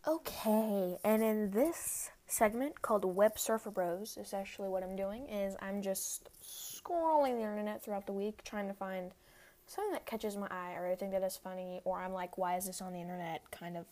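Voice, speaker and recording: A woman's voice: medium pitch, a little mellow. A young woman hosting a casual solo podcast, rambling with many fillers. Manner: rambling, heavy use of "like", quick laughs. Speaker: podcast host.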